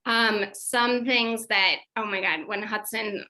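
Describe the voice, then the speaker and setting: A woman in her thirties leads a parenting workshop as a psychologist. Her voice is bright and clear. She talks chattily, full of "um" and "like," and often restarts her sentences. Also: medium pitch, slow, rough recording. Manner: chatty and conversational, with frequent fillers and self-corrections. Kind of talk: informal workshop presentation.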